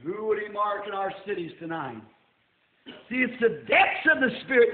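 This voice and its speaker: An older man preaching a sermon in a church, folksy and rising to shouts. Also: high-pitched, lively intonation, moderate pace. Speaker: pastor. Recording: tinny roomy old sermon tape.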